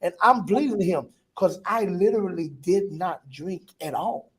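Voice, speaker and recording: Middle-aged pastor guy with a high voice, telling his story all animated, repeats himself a lot. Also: unhurried, slightly rough. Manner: vivid storyteller, Southern-style vernacular, repeats phrases. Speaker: pastor, guest.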